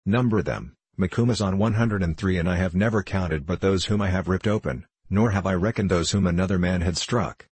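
Gruff old warrior chief, boastful and bloodthirsty, deep husky tone, read by a man. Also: fairly quick, hardly any pauses, darkish tone, dry recording. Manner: archaic boastful speech. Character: aging fierce male warrior chieftain, proud and bloodthirsty.

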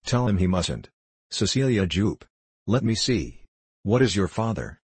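A man's voice: lowish voice, sing-song, unhurried, darkish tone, husky, dry recording, full character voice. A man reading a stern, dictatorial man of facts. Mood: curt. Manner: inflexible, dry, emphatic. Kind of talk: audiobook character reading.

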